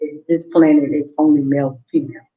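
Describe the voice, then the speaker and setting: A woman's voice: low voice, level tone, quick pace, dark tone, highs cut off. Lady vlogger just rambling to her viewers, laughing a lot, all over the place. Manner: rambling, laughs often, talks to viewers directly. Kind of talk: rambling casual livestream chat.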